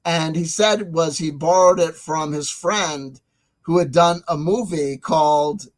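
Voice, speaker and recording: A man with a notably high voice rants through his own commentary. His swearing is constant and his tone is mocking and angry. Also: unhurried. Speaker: commentary channel host. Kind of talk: ranting commentary.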